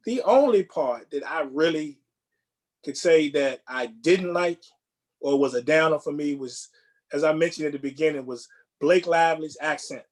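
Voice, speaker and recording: A man with a slightly raised pitch chats loosely as a podcast co-host. He rambles, doubling back on words and restarting sentences in an easygoing way. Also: darkish tone. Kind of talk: casual chat.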